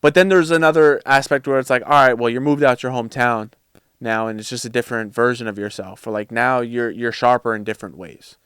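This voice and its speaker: A man's voice: medium pitch, steady tone, a little fast, a bit bright, smooth, no room sound, clean studio sound. A man talking casually as a podcast guest, reflective and searching for his words.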